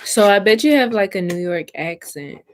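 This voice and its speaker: A woman's voice: mid-range voice, lively intonation, normal speed, slight background noise. A young adult woman from Mississippi with a Southern US accent, chatting casually with viewers on a crafting livestream and answering their comments.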